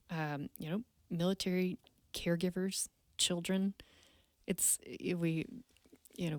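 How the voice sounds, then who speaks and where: A woman with a notably low voice, speaking as a podcast guest into a close mic. She tells her story earnestly and candidly, often restarting her sentences. The sound is dry and close, with no room behind it. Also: creaky, no room sound. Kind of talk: personal storytelling in conversation.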